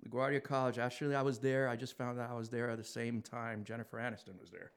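A man in his fifties from Queens with a New York accent, the guest in a casual conversation, telling relaxed stories with frequent chuckles. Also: medium pitch, fast, clean tone.

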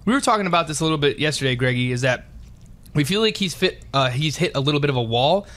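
A man's voice: fairly high pitch, lively intonation, quick pace, a bit bright. A man chatting casually about football, often repeating words as he works toward his point. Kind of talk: casual sports chat.

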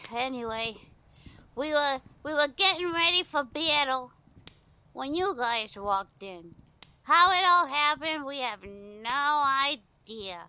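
A woman voicing a gruff, blustery male teddy bear who talks tough in a tabletop game. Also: high voice, lively intonation, slow pace, sharp tone, pitched above the performer's own voice, exaggerated voice. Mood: rattled. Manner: brash, blustery.

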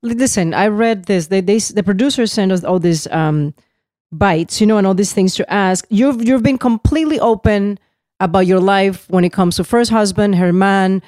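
A woman's voice: mid-range voice, normal speed, darkish tone, no echo, studio quality. A woman, hosting a podcast and asking her guests questions, with Spanish words mixed in. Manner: chatty, drops in Spanish words. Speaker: podcast host. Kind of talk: casual interview chat.

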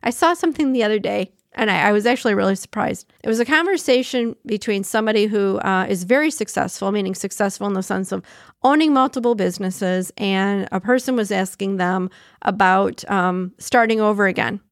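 A woman hosting a casual daily-quote podcast, reading passages and breaking into chatty, animated asides with frequent laughter. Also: medium pitch, brisk, dry recording, studio quality. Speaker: podcast host.

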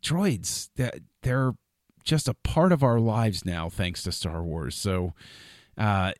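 A man with a fairly low voice chats casually on a podcast, chuckling a lot as he gets enthusiastic. He trails off and restarts his sentences. The sound is close and dry, with no room around it. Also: takes it slowly, no room sound. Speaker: podcast co-host.

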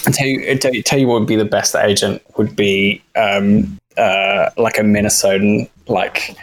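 A man with an Australian accent, a guest on a podcast, explaining things in relaxed casual chat. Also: fairly low pitch, moderate pace.

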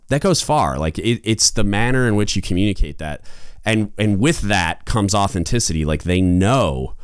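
Low-voiced guy on a podcast, fired up and rambly, smooth dry sound. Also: dry recording. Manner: passionate, emphatic, loud at times; rambling with many restarts and fillers. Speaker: podcast host. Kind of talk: advice monologue.

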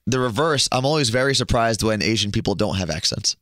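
A man's voice: medium pitch, fairly quick, fairly bright tone, dry recording, studio quality. A young American man co-hosting a radio show, chatting casually and joking. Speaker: radio co-host. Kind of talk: casual chat.

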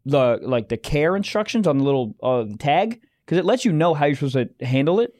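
A young man with a slightly high voice co-hosts a comedy podcast in loose, rambling chat. He keeps stopping and restarting his thoughts. His mic sounds close and dry, with no room around it. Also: sing-song, a little fast, a little mellow, no room sound. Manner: rambling, restarts sentences often. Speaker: podcast co-host.

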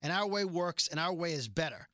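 A man's voice: fairly high pitch, fairly quick, no room sound, clean studio sound. A man co-hosting a podcast, casually recapping a TV episode, reading lines out and swearing along the way. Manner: recounts scenes, reads lines out flatly, swears. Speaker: podcast co-host.

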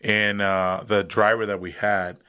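A man with a lowish voice tells his story in a casual, animated way. He is a podcast guest who jumps into the voices of the people he is quoting, and his pitch climbs as he does. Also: a little slow, clean tone. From United States. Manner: animated retelling, acts out quoted voices.

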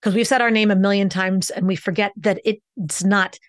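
A woman, a communication coach and podcast guest, explaining her method in an instructive way. She slows down and speeds up to stress her points. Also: mid-range voice, fairly even intonation, no echo, studio quality.

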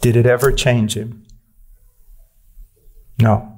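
A man's voice: medium pitch, flat delivery, slow pace, darkish tone. A man preaching a sermon, earnest and direct, pressing his listeners with questions and using blunt, dry humor.

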